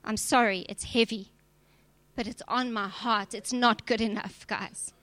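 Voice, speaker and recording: A woman's voice: a little high, steady tone, a little slow, a bit bright, no echo. A woman preacher, giving a direct, emphatic sermon with touches of humor. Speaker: preacher and church leader.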